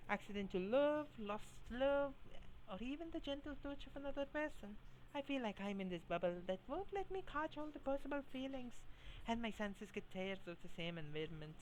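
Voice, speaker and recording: A streamer voicing a young female cyber idol in a put-on, deliberately bad Scottish accent while reading game dialogue aloud. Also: lively intonation, slight background noise, close to an everyday voice, low-quality recording. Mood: wistful. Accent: put-on Scottish, done badly. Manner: high, sing-song idol chatter.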